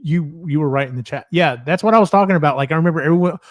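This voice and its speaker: A man's voice: fairly high pitch, racing, dry recording, clean studio sound. A man hosting a casual podcast chat, rambling through stories and swearing freely. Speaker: podcast host.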